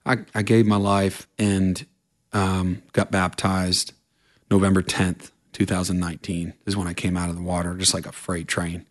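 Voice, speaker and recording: Low-voiced man, interview guest, earnest rambling storyteller. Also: flat delivery, moderate pace. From Vermont, USA. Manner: earnest, tumbling run-on storytelling. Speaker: guest, country singer.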